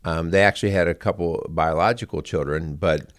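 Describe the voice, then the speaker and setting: A man co-hosting a casual faith-based conversation, speaking haltingly with frequent restarts and affectionate asides to his partner. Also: sits low, dry recording, studio quality. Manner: halting, restarts often, calls partner "hun". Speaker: podcast co-host.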